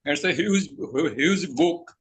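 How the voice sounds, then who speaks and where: A man in a study group speaking very slowly about a book. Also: fairly high pitch, a little hiss or hum.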